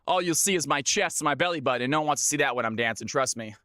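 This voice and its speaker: A man hosting viewer games on a live stream, talking excitedly and chatting with his audience. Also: mid-range voice, rapid-fire, no room sound, clean studio sound.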